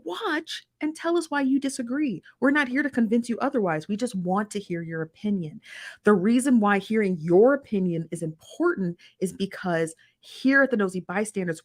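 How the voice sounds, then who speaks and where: A woman hosting a casual livestream, chatty and blunt, with lots of slang, greeting her viewers one by one. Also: medium pitch. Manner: frank and blunt, uses slang. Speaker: livestream host.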